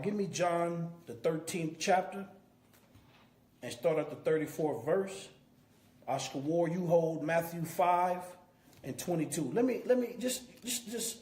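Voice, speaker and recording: Man, preaching a scripture lesson, emphatic, lively high voice, slow deliberate delivery, roomy echo. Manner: emphatic, repeats key phrases. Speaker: class teacher.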